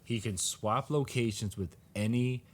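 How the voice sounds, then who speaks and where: A man's voice: medium pitch, unhurried. A man co-hosting a podcast, casually recapping a manga chapter and acting out the characters' lines with laughter. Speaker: podcast co-host.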